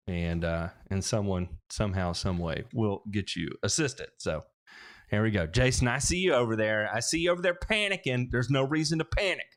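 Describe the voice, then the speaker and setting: A man's voice: lowish voice, lively intonation, normal speed, fairly bright tone. A man hosting a casual livestream on a headset mic, answering viewer questions in a rambling way with lots of restarts, fillers and joking asides.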